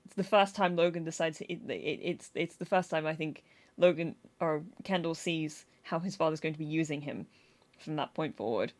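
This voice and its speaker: Woman, lowish voice, casual podcast chat, animated, laughs often. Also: normal speed. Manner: animated, acts out quotes with laughs. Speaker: podcast guest host.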